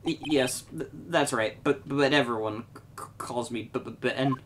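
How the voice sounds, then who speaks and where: A woman voicing a timid, stammering male ventriloquist in a hushed voice. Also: a bass voice, moderate pace, background noise. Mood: nervous. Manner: stuttering, hushed, hesitant.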